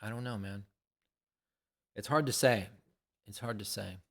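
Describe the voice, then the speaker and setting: An older man with a low, gravelly voice thinks out loud at an unhurried pace. He rambles casually, hesitating and circling back over his own words. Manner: hesitant, musing, repeats himself. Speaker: gaming vlogger.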